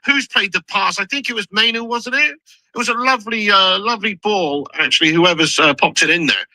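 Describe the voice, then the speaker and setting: A man giving excitable, sweary live commentary on a football match as a channel host, shouting at chances and goals. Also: sits high, brisk, no echo, poor audio.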